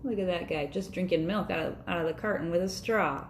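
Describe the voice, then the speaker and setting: A woman's voice: lowish voice, a little fast, slight background noise. A woman reading a picture book aloud to children, playfully voicing sound effects and chatting about the pictures. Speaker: storyteller for children. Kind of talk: storybook read-aloud.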